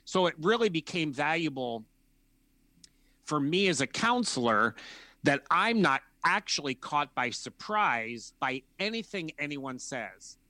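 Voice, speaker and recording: A male counselor explains his method in a slightly higher, bright voice. He talks in a measured, thoughtful way and slips into acted-out snippets of conversation. The sound is close and dry, with no room around it. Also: very animated, dry recording. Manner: acts out imagined dialogues in different voices.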